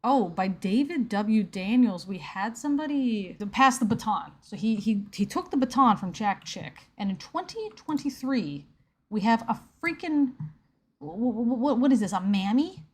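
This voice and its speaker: A woman's voice: a little high, very animated, moderate pace, husky. A woman hosting a live reaction video, commenting on a comic with sarcastic, incredulous, rambling asides. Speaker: YouTube host.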